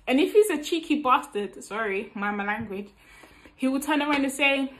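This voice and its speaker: A woman talks straight to camera about relationships in a frank, playful way. Her voice sits a little high, and she often breaks into laughter as she teases and gives advice. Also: lively intonation, measured pace, fairly bright tone. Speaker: vlogger giving relationship advice. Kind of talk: casual advice talk to camera.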